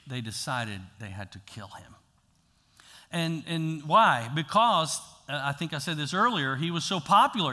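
A pastor preaching a sermon in a casual, talky way, swinging from loud to hushed. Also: male voice, a little high. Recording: long hall reverb.

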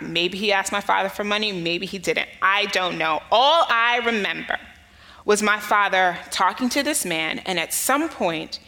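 The long reverb of a hall surrounds a medium-pitched, bright, forceful female voice. She is an American pastor preaching and telling a personal story with earnest storytelling and rising stress on important phrases.

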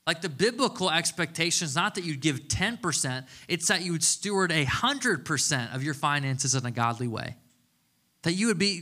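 A man's voice: on the high side, bright, forceful tone. A man in his thirties, a pastor giving a casual, chatty sermon with playful humor. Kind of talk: conversational sermon.

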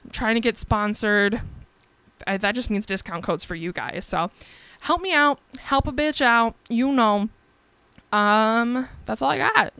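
A woman's voice: fairly high pitch, lively intonation, a little slow, pushed and bright, clear, resonant tone, dry recording. A young woman hosting her own podcast, chatting casually and candidly, swearing freely and laughing often. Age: young adult. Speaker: podcast host. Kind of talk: casual solo podcast chat.

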